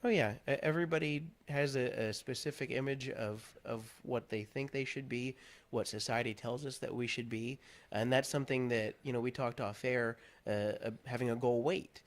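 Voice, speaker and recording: A man's voice: mid-range voice, moderate pace. A man from Pennsylvania, a guest on a talk show, sharing his own story in an earnest, candid way. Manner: earnest, candid, animated when recounting. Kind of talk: conversational interview, personal story.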